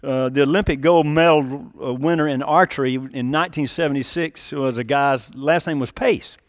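A man preaching a sermon, lively and animated, acting out quoted lines with sudden rises and drops in his voice. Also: medium pitch, moderate pace, no echo, clean studio sound. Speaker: pastor.

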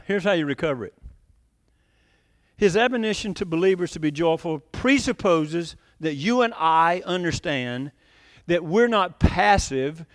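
High-voiced preacher talking it through. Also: male voice, dry recording, studio quality. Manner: conversational, laughs often, asks the congregation questions. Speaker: pastor. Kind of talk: sermon.

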